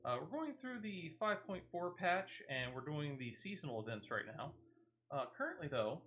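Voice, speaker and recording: A man's voice: a little high, sing-song, normal speed, bright, forceful tone, slight background noise. A man streaming a video game, chatting casually with his viewers and stopping often on "uh". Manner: chatty, many "uh" fillers. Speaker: variety streamer. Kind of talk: casual gameplay commentary.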